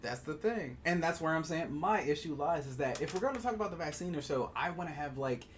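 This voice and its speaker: Male podcast co-host, very lively intonation, chatty and thinking aloud, faint hiss behind. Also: a little high, fast. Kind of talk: casual chat.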